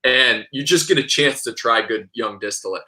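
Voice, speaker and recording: A man talking casually as a guest in an interview, an enthusiastic storyteller full of quick asides and restarts. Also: mid-range voice, pushed and bright, low-quality recording. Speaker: whiskey expert guest.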